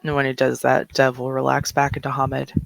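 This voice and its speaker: A man playing a tabletop role-playing game, halting through his character's actions with fillers and short laughs. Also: mid-range voice, monotone, creaky, a bit bright, no room sound, rough recording. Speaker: player.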